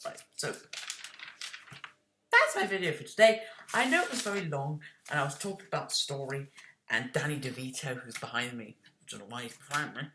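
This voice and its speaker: This mid-range voice sounds pushed and bright, recorded in an echoey room with a little background noise. The speaker, a video creator, gives a rambling, casual explanation to camera, correcting themselves along the way and lashing out defensively at critics they imagine.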